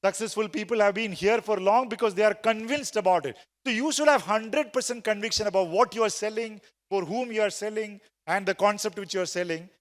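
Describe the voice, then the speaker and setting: Here a man with a high-pitched voice talks fairly quickly and rarely pauses. He's a sales trainer giving a motivational conference talk, telling a story and getting the crowd in the large hall to respond aloud, with the room's long reverb audible.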